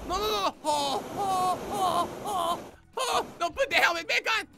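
A man giving excitable game commentary in deliberately broken English, often shouting and swearing, with music playing under his voice. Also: very high voice. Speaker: gaming commentator. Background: background music.

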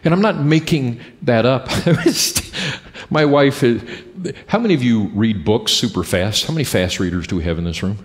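A middle-aged man preaching a sermon as pastor, talking in a lively, conversational way and putting questions to the congregation. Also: medium pitch, normal speed. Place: church sanctuary with congregation. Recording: long church hall reverb.

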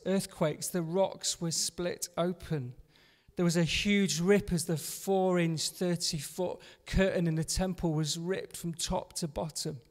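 A man preaching a sermon in church, earnest, repeating a solemn refrain and often dropping to a softer voice. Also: sits high. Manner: earnest, repeating a refrain with drops to a soft hush. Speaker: pastor. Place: church hall. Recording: long reverb of a church hall.

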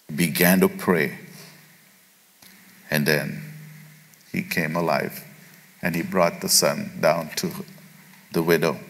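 A man with a very low voice preaches a sermon from the pulpit. He retells a scripture story, often breaking off and restarting mid-phrase and acting out the quotes. The sound carries the long reverb of a church sanctuary. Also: steady tone, slow pace, creaky, pauses often. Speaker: pastor.

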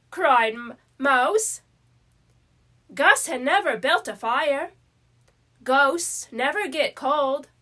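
A woman reading a children's story aloud in a slow, careful way. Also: high-pitched, pushed and bright.

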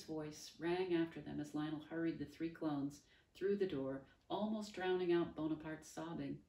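A woman reading a novel aloud in a calm, measured way. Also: low-pitched, creaky. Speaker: storyteller. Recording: roomy, distant mic.

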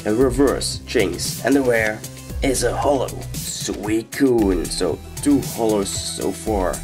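Deep, slow-talking man with a sick voice. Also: animated, low-quality recording. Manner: unhurried, reads out each card name in turn. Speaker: card-opening channel host. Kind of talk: casual unboxing commentary. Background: background music.

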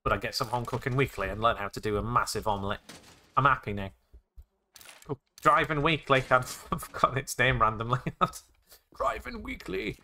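A young man playing a zombie game, excitable and jokey, narrating his actions with "I said". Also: mid-range voice, a little fast, a little hiss or hum. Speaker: gaming YouTuber.

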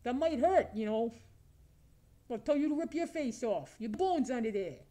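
A man's voice: very high-pitched, animated, moderate pace, warm tone. A man voicing a crude, lonely, self-admiring male creature with razor teeth, taunting strangers in an improvised comedy video chat. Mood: mocking.

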